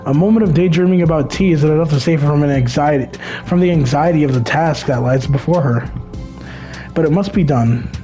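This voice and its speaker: A man's voice: a little high, a little fast, mellow, soft background music. A man reading a visual novel aloud for a let's play, stumbling over words and dropping crude asides.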